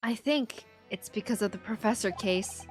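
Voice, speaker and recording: A woman's voice: mid-range voice, normal speed, faint music behind, close to an everyday voice. A woman voicing a polite, earnest young male defense lawyer in a game.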